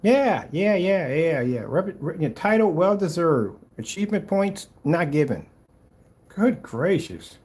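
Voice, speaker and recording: A man reacting to a rival's screen paint video with mocking, exasperated commentary, swinging between loud outbursts and low muttering. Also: sing-song, unhurried, slightly rough.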